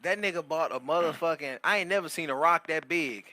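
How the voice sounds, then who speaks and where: A man co-hosting a comedy podcast, telling stories in a casual, animated and profane way and laughing often. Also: on the high side, brisk, no echo. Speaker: podcast co-host. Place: podcast studio.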